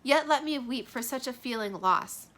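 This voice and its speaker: A woman's voice: sits high, animated, normal speed, fairly bright tone, voice pushed up. A woman reading the part of Juliet, a young lovesick girl, with heightened, emphatic verse delivery. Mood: guarded. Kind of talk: dramatic reading of a play.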